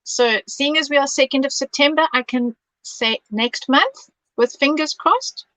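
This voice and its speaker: A woman's voice: high voice, measured pace, fairly bright tone, no room sound, rough recording. A woman hosting a live craft stream, reading viewer comments aloud, enthusiastic and teasing. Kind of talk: casual live-stream chat.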